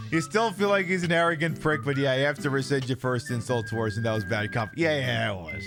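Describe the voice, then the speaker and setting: A man's voice: mid-range voice, fast, few pauses, music in the background. A young man rambling casually in profane live-stream commentary, talking to his chat.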